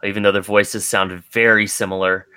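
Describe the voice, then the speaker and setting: A man narrating a tabletop game as game master, relaxed and descriptive with frequent ums. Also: fairly low pitch, moderate pace, clean tone, no echo.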